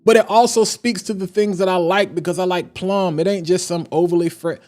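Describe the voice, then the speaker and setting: High-voiced man, animated fragrance reviewer. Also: fairly quick. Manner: animated and emphatic, slangy. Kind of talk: casual live-stream chat.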